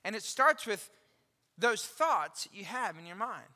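A pastor in his forties giving an animated, conversational sermon and asking the congregation questions. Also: high-pitched, measured pace. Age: 40s. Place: church auditorium. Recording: reverberant hall.

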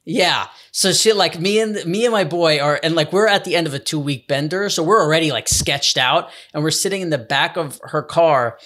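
A young man spins a rambling anecdote in casual conversation, cursing freely as he goes. His voice sits a little high for a man. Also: normal speed, hardly any pauses, fairly bright tone. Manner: rambling anecdote, swearing, laughs often. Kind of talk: casual storytelling.

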